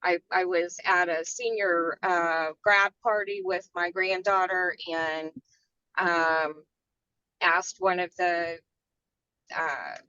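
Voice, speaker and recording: A woman's voice: fairly low pitch, steady tone, slow pace, bright, forceful tone, smooth, dry recording, lo-fi sound. An older woman on a video call, sharing her experience hesitantly and searching for her words. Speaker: workshop participant.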